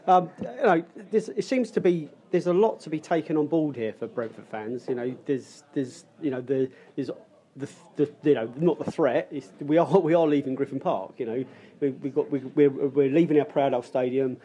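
A man hosting a casual football fan podcast, talking haltingly with many restarts. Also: mid-range voice, mellow. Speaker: podcast host. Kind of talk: casual pub podcast chat.

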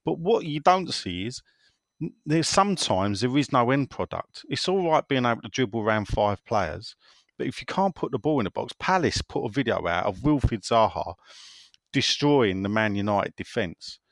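A man hosts a casual football chat, reading listener messages aloud and breaking off with wry, teasing asides. His voice sits at an ordinary middle pitch. The recording is dry and close, with no room sound. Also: sing-song, normal speed, dry recording. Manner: wry, teasing, often self-interrupting. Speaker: football phone-in host.

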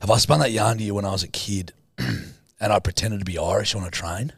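A man's voice: fairly low pitch, fairly quick, breathy edge, dry recording, clean studio sound. A young Australian man hosting a podcast, telling a story in casual chat and slipping into put-on voices. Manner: animated, slips into put-on voices. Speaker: podcast host.

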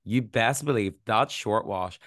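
A man's voice: on the low side, unhurried, fairly bright tone, no room sound, studio quality. A man co-hosting a podcast, telling stories in a loose, laughing way with lots of fillers. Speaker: podcast co-host. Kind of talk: casual podcast chat.

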